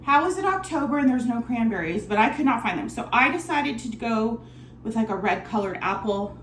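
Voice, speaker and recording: A woman's voice: a little high, animated, brisk, slight background noise. A woman bartender giving a casual, chatty cocktail tutorial at home, bubbly and swearing offhandedly. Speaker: bartender at a lounge. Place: home kitchen or bar area of an apartment. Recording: roomy echo with music behind.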